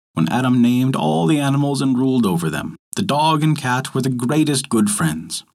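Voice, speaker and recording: A man narrating a folk tale in a measured, expressive storytelling manner, as host of a story podcast. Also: medium pitch. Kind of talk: scripted narration.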